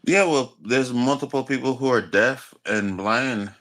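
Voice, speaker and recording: A man's voice: mid-range voice, measured pace, fairly bright tone. A man in a heated online debate, answering in a rambling, defensive, profane way. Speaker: debate guest.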